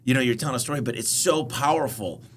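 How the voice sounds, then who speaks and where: A man's voice: mid-range voice, quick pace, a bit bright, a little hiss or hum. A man hosting a podcast, talking casually and telling stories. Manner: casual, storytelling. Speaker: podcast host. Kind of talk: podcast conversation.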